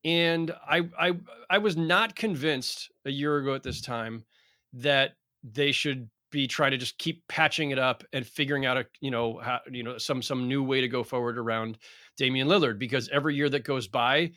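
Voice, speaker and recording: A middle-aged man with a bright, forward voice gives measured, thoughtful answers as a podcast guest. His sound is dry and close, with no room around it. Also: medium pitch, no room sound. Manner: measured, thoughtful, talks in long considered sentences. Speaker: veteran sports reporter, guest. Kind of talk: casual podcast interview.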